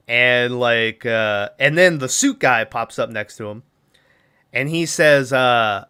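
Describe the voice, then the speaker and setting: A man's voice: mid-range voice, takes it slowly, sharp tone, clean tone. A man hosting a podcast, casually retelling a movie's plot and acting out the characters' lines with laughs. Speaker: podcast host.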